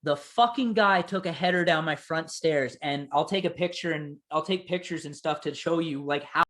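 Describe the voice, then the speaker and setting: A young man telling a story in casual chat on a podcast, swearing freely and quoting people in lively voices. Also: on the high side, moderate pace.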